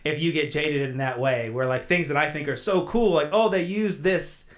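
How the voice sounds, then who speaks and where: Rambling guest with a higher voice. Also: male voice, normal speed. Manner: rambling, lots of "like" fillers. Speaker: podcast guest. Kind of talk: casual movie podcast chat.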